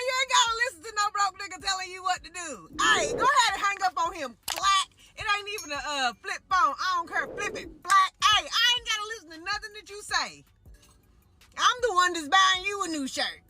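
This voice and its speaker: A woman, a mother, ranting loudly and scolding in a clip, laughing between lines. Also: very high voice, animated, brisk.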